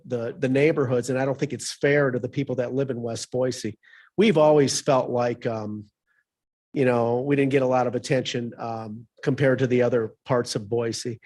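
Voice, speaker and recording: A man speaks during public comment at a city council meeting. He talks in a middle-pitched voice and stops and restarts as he searches for his words. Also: darkish tone. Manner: hesitant, many ums and restarts.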